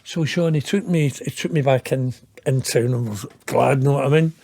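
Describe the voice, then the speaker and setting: A man's voice: mid-range voice, normal speed, warm tone, no room sound. A Scottish man in his fifties, a guest telling a long story in an interview, rambling and profane, laughing and poking fun at himself. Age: 50s. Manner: rambling, profane, laughs at his own tale, self-mocking.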